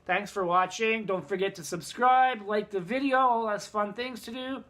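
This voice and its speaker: A man's voice: high voice, normal speed, a bit bright. A man telling a story in a casual vlog, rambling, swearing and sarcastic, in pain from a broken thumb. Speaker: vlogger.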